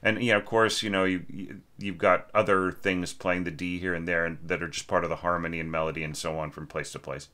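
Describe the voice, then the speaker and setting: A man's voice: deep voice, little pitch movement, a little fast, few pauses, bright, forceful tone. A man teaching orchestration, casually critiquing a student's score with many restarts and tag questions. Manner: conversational, lots of "right?" and restarts, sings phrases.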